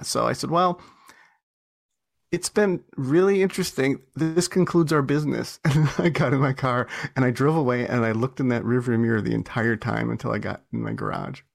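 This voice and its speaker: His voice is medium in pitch with some vocal fry. In a laid-back storytelling interview about being an author and entrepreneur, he's chatty and self-deprecating, with plenty of laughter and restarts.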